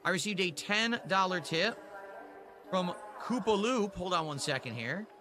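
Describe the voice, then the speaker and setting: A man's voice: high-pitched, expressive, a little slow, music in the background. A man streaming and talking candidly and matter-of-factly to his audience. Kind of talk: casual stream talk to the audience.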